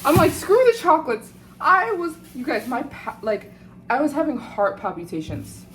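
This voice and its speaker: An American woman vlogging to her viewers, telling a story in a lively, indignant way and often calling out to "you guys.". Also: high-pitched, normal speed, a little hiss or hum, rough recording. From United States. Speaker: travel vlogger. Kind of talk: casual storytelling to camera.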